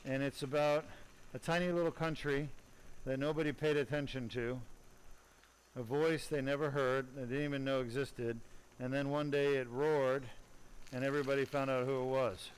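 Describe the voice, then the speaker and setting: A man's voice: medium pitch, flat delivery, normal speed, slight background noise, poor audio. A middle-aged man, a spine surgeon, giving live commentary during surgery, blunt and opinionated with jokey asides to the audience.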